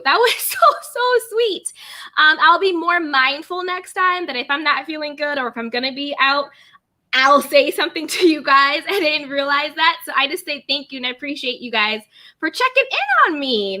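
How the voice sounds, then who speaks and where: A woman chats casually on her livestream, reading comments and greeting viewers by name. Her voice is high and bright, and it leaps up warmly whenever she says hello to someone. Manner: bubbly, greets viewers by name, reads chat aloud; expressive, pitch jumps up high on greetings. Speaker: livestream host.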